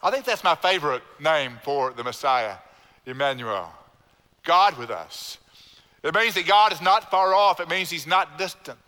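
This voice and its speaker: A man's voice: on the high side, normal speed, few pauses, bright, forceful tone. A man, a pastor preaching a sermon with emphatic repetition and calling on the congregation to repeat lines. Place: church sanctuary. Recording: long church hall reverb.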